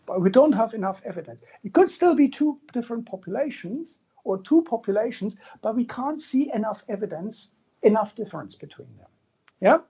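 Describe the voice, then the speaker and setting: A man's voice: sits high, warm tone, breathy edge, muffled recording. A man giving a university lecture in a conversational, joking way, often checking in with his listeners. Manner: conversational, jokey, checks in with the audience. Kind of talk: classroom lecture.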